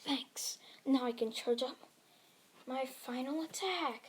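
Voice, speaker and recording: A woman voicing an arrogant, cruel male alien tyrant in a fan-made story, speaking in soft, sneering taunts. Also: sits high, slow, background noise.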